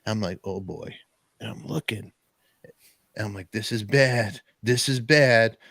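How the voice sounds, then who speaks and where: A man's voice: fairly low pitch, a little slow, vocal fry, no room sound, clean studio sound. A man, hosting a podcast and telling a long story in casual chat, acting out the other people's voices as he goes. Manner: animated storyteller, acts out voices in quotes. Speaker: podcast host.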